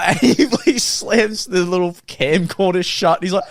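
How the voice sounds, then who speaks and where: A man's voice: high voice, unhurried, no room sound, clean studio sound. A young man, chatting as podcast co-host, telling stories with plenty of laughter. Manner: animated storytelling, laughs a lot. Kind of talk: casual chat.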